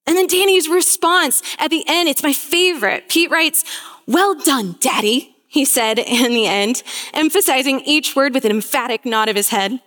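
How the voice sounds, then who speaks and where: A woman's voice: sits high, normal speed, fairly bright tone, long reverb tail. A young woman preaching a sermon, telling a story in an earnest, storytelling way.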